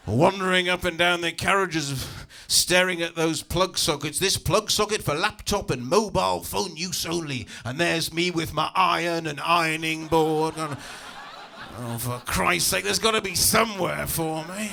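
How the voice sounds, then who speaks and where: A man performing a stand-up comedy set in a comedy club, telling stories in a lively, exasperated way with asides to the crowd. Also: a little high, unhurried, vocal fry.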